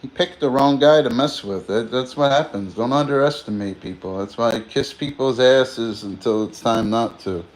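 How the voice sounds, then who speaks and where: Hosting a livestream, a worn-out man with a mid-range voice chats at a moderate pace with hardly any pauses. He wanders from topic to topic in a loose, rambling way, using slang and swearing freely.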